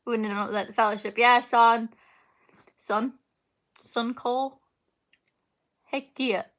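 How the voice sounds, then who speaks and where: A woman's voice: on the high side, steady tone, slow, fairly bright tone. A young woman, chatting casually at home while answering comments on a live stream, rambling with lots of fillers and laughs. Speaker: singer hosting a live Q&A. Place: home, indoors.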